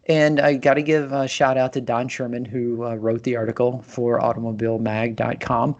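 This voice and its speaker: A man hosting a casual chat show, with a plain, mid-range voice. He talks loosely and conversationally, often pausing on fillers and restarting his sentences. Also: mid-range voice, steady tone, a little mellow. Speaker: podcast host.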